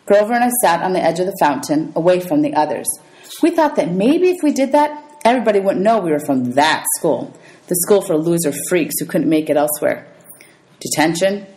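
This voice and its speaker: A woman teacher reading a novel aloud to her students, telling it in a lively storytelling way. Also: lowish voice, a little fast, poor audio. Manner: lively storytelling with voices for characters.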